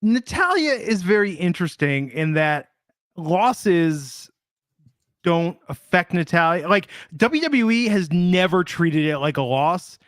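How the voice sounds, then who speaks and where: A man co-hosting a podcast, talking in a relaxed, opinionated way as he muses over each point. His voice sits a little high for a man. The sound is dry and close, with no room around it. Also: dry recording. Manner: conversational, opinionated, drawn-out musing. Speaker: podcast co-host. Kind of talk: casual wrestling podcast chat.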